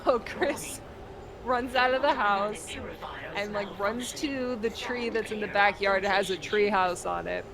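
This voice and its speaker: A woman's voice: medium pitch, steady tone, measured pace, a crowd in the background. A woman streamer casually retelling a story in a rambling way, with many fillers.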